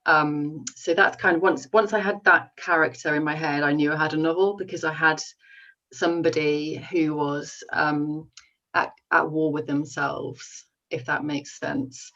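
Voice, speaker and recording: A woman's voice: sits low, steady tone, a little slow, a bit bright. A woman novelist on a literary panel, speaking thoughtfully with many ums and restarts, then reading from her book. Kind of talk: book talk and reading aloud. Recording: muffled audio, distant mic.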